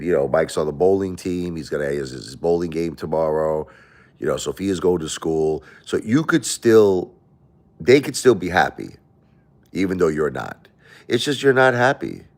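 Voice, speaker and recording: A middle-aged livestream host with an extremely deep, low voice addresses his viewers directly, a little mellow in tone. His confessional monologue rambles, loops back on itself, and repeats phrases.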